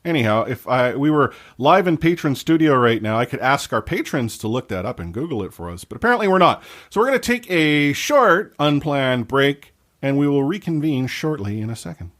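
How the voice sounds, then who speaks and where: A man's voice: medium pitch, sing-song, fairly quick, a bit bright. A man hosting a hockey podcast, rambling and jokey, riffing on the game. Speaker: podcast host. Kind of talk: casual chat.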